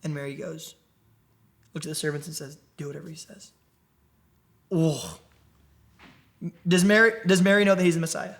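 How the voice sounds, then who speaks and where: A man's voice: fairly high pitch, normal speed, pauses often. A man leading a conversational Bible teaching for a young adult group, often asking the listeners questions. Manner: animated, asks the group questions. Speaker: young adult ministry preacher.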